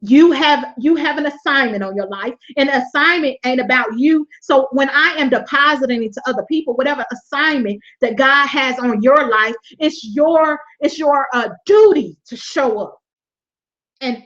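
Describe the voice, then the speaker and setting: A woman hosting a webinar, giving a lively motivational faith talk, laughing often and repeating her points like a preacher. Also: sits high. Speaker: webinar host. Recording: dull lo-fi webinar audio.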